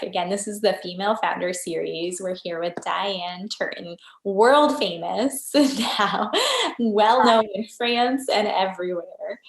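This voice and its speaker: A woman hosting an interview series, upbeat and polite as she asks questions and wraps up. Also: fairly low pitch. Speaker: interview host. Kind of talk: hosted interview. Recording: roomy echo.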